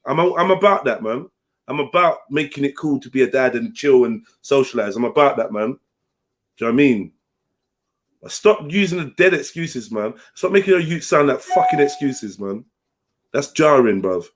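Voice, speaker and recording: A man's voice: mid-range voice, animated, moderate pace. A young man hosting a livestream, joking, swearing and laughing in slangy casual banter. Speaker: livestream host.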